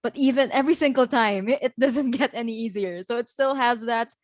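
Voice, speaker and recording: A young woman from the Philippines talks casually as a guest, her voice fairly high. She chats freely, using many fillers and laughing lightly, and the sound is dry and close, as on a video call. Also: a little fast, no echo. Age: young adult. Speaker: guest speaker. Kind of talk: casual interview chat.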